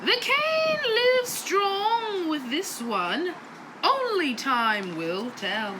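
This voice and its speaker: A woman's voice: extremely high pitch, very animated, extremely slow, heavy background noise, heavily acted. A woman playing a cryptic old cane master. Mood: dreamy. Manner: backwards sage-like phrasing. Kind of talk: comedy sketch acting.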